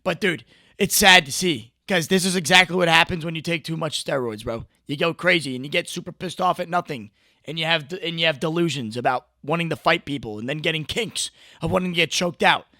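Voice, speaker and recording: A young man giving casual, mocking reaction commentary, riffing excitably with lots of "like" and "bro". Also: a little high, fairly quick, no echo, studio quality. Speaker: commentary video host.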